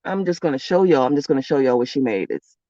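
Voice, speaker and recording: A spiritual vlogger with a mellow, mid-range voice talks fast with lively intonation, recorded dry, dull, and lo-fi with no room sound. Blunt and casual, she swears freely and rambles through her stories.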